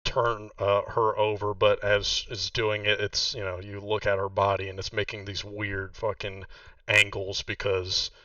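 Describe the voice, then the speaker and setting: A man running a tabletop game, rambling through his narration with frequent fillers. His lowish voice sounds bright yet distant and muffled, in a dry space. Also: flat delivery, measured pace, dry recording. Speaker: game master.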